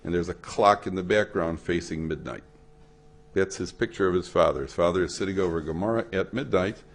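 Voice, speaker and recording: A man with a very low voice lectures as a rabbi, telling stories in a chatty way. He jumps higher in pitch to act out the people he quotes. His speech is sprinkled with Hebrew and Yiddish words. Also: brisk. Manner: storytelling, acts out quoted voices with big pitch swings; conversational, uses Yiddish and Hebrew terms. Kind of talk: lecture to an audience. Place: hall at a memorial event.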